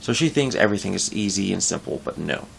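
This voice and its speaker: A man's voice: low-pitched, big pitch swings, quick pace, vocal fry, a little hiss or hum. A young man talking casually in a vlog, venting frustration about his workplace in a rambling way with frequent restarts. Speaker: vlogger.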